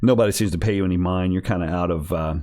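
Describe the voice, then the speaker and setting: A man's voice: deep voice, fast, a little mellow. A man running a tabletop game over an online call, narrating casually with many fillers and restarts. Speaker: game master.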